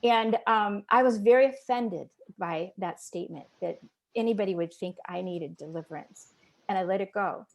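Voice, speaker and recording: A woman's voice: medium pitch, moderate pace, gravelly, a little mellow. A woman, around her fifties, giving a personal testimony as an interview guest, earnest and emotional as she tells it and acts out the voices she quotes.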